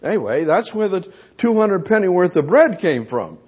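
A man's voice: sits high, sing-song, normal speed, darkish tone, husky. A man preaching a sermon, emphatic and repetitive, often restarting his words.

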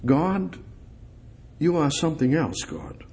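A man preaching a sermon, speaking directly to God and repeating short phrases, swinging between loud emphatic lines and soft, hushed ones. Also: medium pitch, lively intonation, a little slow. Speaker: pastor.

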